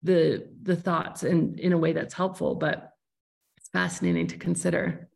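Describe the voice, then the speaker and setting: A woman's voice: lowish voice, steady tone, moderate pace, gravelly, a little mellow. A woman hosting a podcast interview, talking in a thoughtful, searching way with frequent restarts. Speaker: podcast host. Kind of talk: reflective conversational interview.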